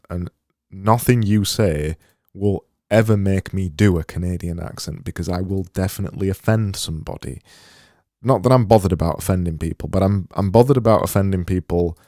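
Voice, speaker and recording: A man with a deep, mellow voice rambles through a livestream of his design work. He talks slowly and mutters to himself, often mocking himself. The sound is close and dry. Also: no room sound. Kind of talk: thinking-aloud livestream commentary.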